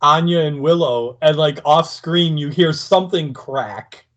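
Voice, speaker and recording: Excitable man gushing over a scene. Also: on the high side, a little slow, dull audio. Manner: excitable, gushing, laughs along. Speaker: podcast co-host. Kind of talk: casual podcast chat.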